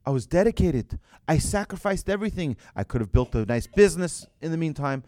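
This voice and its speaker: A man's voice: fairly high pitch, very animated, fairly quick, warm tone, no room sound, pitched above the performer's own voice. A man voicing a loyal, aggrieved man who stammers through his sacrifices.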